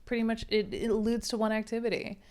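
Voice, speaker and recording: A woman's voice: fairly high pitch, flat delivery, fast talker, darkish tone, smooth. A woman reviewing a romance novel in a chatty, sarcastic way. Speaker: book reviewer. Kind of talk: casual book review.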